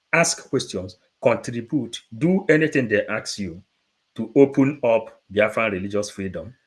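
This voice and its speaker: A man, giving an unscripted livestream talk, halting and repeating words, then rising into emphatic bursts. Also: on the low side. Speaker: livestream presenter.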